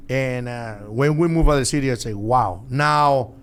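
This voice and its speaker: A middle-aged man talking as a guest in a podcast studio, animated and laughing often, speaking English with loose, non-native grammar. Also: mid-range voice, fast talker, clear, resonant tone. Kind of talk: casual podcast chat.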